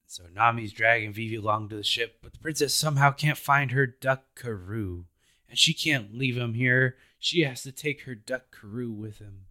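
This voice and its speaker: As a podcast host, a man casually recaps anime episodes, slow and laid-back, slipping into playful put-on character voices. His mid-range voice is bright with a forceful tone.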